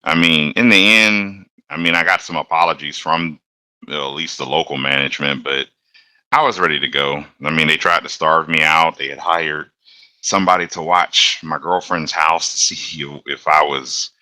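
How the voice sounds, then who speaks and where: Low-voiced guy from alabama, rambly laid-back storyteller, dry close sound. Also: normal speed, bright, forceful tone, dry recording. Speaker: guest, locomotive engineer. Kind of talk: casual conversational storytelling.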